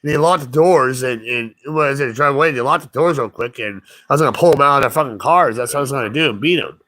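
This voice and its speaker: A man in a casual chat, telling a story in a rambling, profane, animated way and acting out what other people said. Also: medium pitch, fast talker. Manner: rambling, profane, animated retelling with quoted voices.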